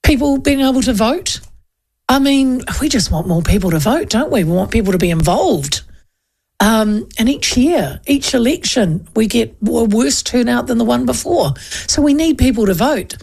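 A woman's voice: fairly high pitch, animated, moderate pace, gravelly, a little mellow, husky. A woman hosting a radio talk show, chatting casually and laughing often.

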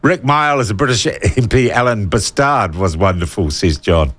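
A man's voice: on the low side, animated, normal speed, a bit bright. A man hosting talkback radio, chatting with callers and reading out listener texts in a jokey manner.

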